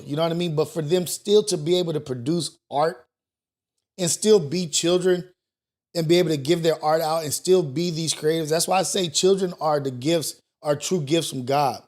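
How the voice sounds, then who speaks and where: Man, morning show host, casual and profane, restarts a lot, fairly high voice. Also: a little mellow. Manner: loose, profane, thinks aloud with restarts. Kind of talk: casual talk show commentary.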